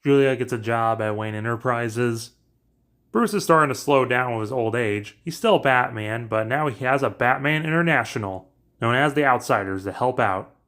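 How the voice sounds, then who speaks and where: A man casually narrating a plot recap in a brisk, offhand way. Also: mid-range voice, fairly bright tone. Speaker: narrator pitching story ideas.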